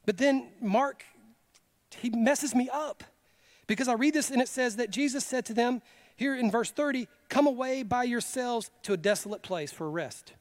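A male pastor preaching a sermon, animated and casual, moving between loud urgent preaching and quiet conversational asides. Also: very high voice, moderate pace. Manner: casual storytelling with quoted exclamations.

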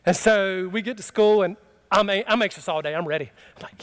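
A man's voice: high voice, brisk, fairly bright tone. A man preaching a sermon in a conversational, humorous way, telling a story from his own life and asking the congregation questions. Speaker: pastor.

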